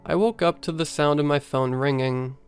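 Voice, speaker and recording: A man reading a first-person horror story aloud in a steady storytelling manner. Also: on the high side, normal speed, clear, resonant tone, faint music behind. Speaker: story narrator.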